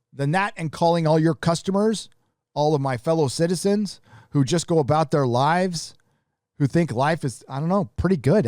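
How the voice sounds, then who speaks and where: A man hosting a live stream, ranting bluntly and profanely in a casual, halting way. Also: a little high, a little mellow, no room sound, clean studio sound. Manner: casual, with restarts.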